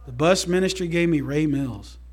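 A man preaching a sermon to his church in a folksy, emphatic way, swinging between loud calls to the congregation and quiet asides. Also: on the high side, moderate pace. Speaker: pastor.

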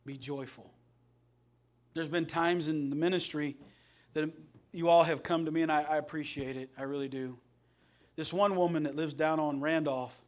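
High-voiced impassioned preacher man. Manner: impassioned preaching that swings from loud to soft. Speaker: pastor. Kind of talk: sermon.

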